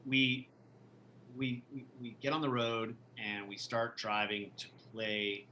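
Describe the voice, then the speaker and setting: Bright-voiced, rambling, profane man. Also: medium pitch, level tone, takes it slowly, muffled recording, slight background noise. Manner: rambling, profane, with many restarts. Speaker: musician and podcast guest. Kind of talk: casual storytelling.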